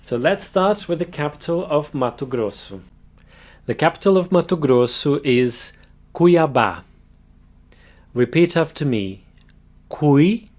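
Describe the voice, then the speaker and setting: A man giving a pronunciation lesson, sounding out words slowly and carefully. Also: fairly high pitch, lively intonation, a little mellow. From Brazil. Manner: slow, careful demonstration of words. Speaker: language teacher.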